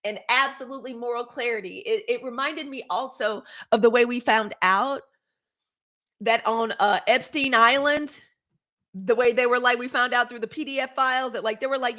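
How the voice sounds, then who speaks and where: Female host, slightly high voice, animated and chatty, livestream commentary with live comment reading. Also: normal speed.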